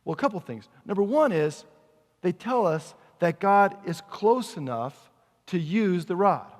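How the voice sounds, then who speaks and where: A man's voice: sits high, expressive, a little slow, a little mellow, big-room sound. A male pastor preaching a sermon in a conversational way, asking the congregation questions as he goes.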